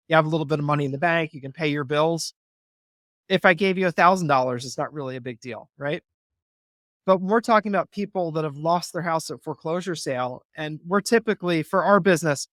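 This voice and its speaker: A man guesting on an interview, a real estate investor, explains conversationally, earnestly and persuasively, acting out phone calls to make his points. His voice is fairly high with a fairly bright tone, recorded at studio quality without room sound.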